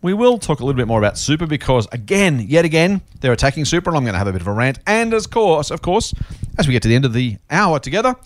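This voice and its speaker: An Australian man hosting a casual finance podcast, animated and rambling, laughing between points. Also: a little high, quick pace. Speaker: podcast host.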